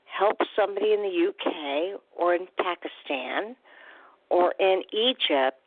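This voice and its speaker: A woman's voice: on the low side, expressive, a little slow, no echo. A woman hosting a radio talk show as a recovery coach, chatty and upbeat, with casual fillers. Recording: tinny phone-line sound, dry.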